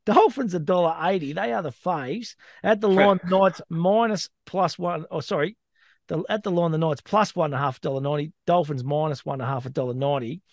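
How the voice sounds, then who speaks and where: A man's voice: on the high side, fairly quick, no room sound, studio quality. An Australian man co-hosting a sports betting podcast, reading out odds and stats in a chatty, matey way. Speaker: co-host.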